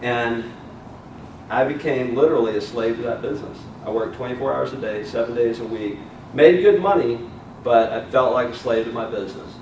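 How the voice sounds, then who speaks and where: A man's voice: medium pitch, steady tone, fairly quick. Southern US male speaker, middle-aged, engages the crowd; captured in a roomy hall at a distance, light background noise. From Alabama, US. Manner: storytelling, asks the audience questions, tag "right?". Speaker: motivational speaker. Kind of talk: keynote speech to a live audience. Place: large hall with audience. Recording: echoey hall, mic from far off.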